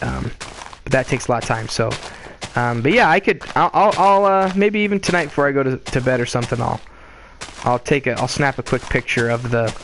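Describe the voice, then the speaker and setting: Over a noisy background, a man with a medium-pitched voice chats casually as a game master answering live questions. He rambles, restarts often, and lets out quick chuckles.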